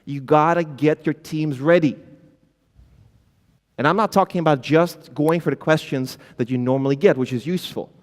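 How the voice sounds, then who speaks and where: A man's voice: a little high, moderate pace. A man giving a conference talk, addressing the audience directly and acting out flustered founders stumbling over filler words. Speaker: conference speaker. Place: conference hall. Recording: long hall reverb.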